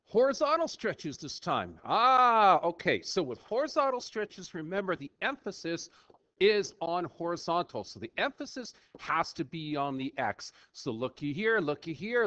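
Animated, playful male math teacher. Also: fairly high pitch, dry recording. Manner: playful, animated, talks to himself while working. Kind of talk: screen-recorded math lesson. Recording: dull lo-fi dry recording.

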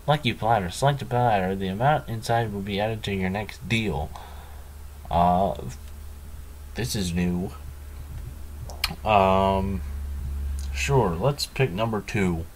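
A man with a deep, low voice talks through a game in an unhurried drawl. His commentary is dry and sarcastic, often mocking himself. A faint hiss sits under the recording. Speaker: gaming channel host. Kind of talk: let's play commentary.

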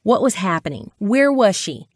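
A woman's voice: medium pitch, big pitch swings, moderate pace, no room sound, clean studio sound. Dramatic woman narrating a sales story.

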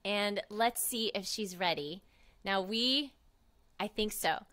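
A woman's voice: mid-range voice, slow pace, pushed and bright. A woman hosting a live children's music show, cheerful and talking to the kids as friends, her voice slightly froggy.

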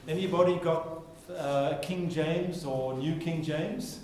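A man teaching a Bible class in a chatty, playful way, tossing in asides and mock voices. His voice sits a little high. It is heard from a mic far off, in a very echoey room. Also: slow, darkish tone, a little hiss or hum. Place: chapel classroom.

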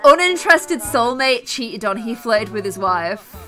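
Woman, upbeat game commentator; slightly high, bright voice, theatrical and giggly. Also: a little slow, soft background music. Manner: animated, dramatic, breaks into laughter. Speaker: gaming video host. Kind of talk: playful gaming commentary.

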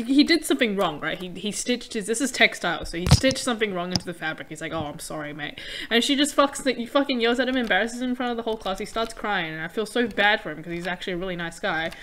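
A woman's voice: a little high, a bit bright, slight background noise. Young woman swearing casually. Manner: crude, swears freely. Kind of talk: casual storytelling with friends.

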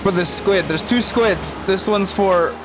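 A man's voice: high-pitched, unhurried, over music. A man giving gameplay commentary, exasperated, swearing and laughing at himself as he plays. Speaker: gaming channel host.

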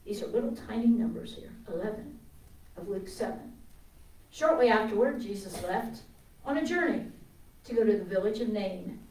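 A woman preaching a sermon with passion, swinging from loud declarations to hushed storytelling. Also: medium pitch, lively intonation, moderate pace, roomy sound, far from the mic, poor audio.

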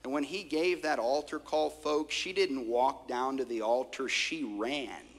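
A male pastor preaching a sermon, telling stories with swings from loud bursts to hushed tones. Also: mid-range voice, a little slow, a little hiss or hum. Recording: long hall reverb.

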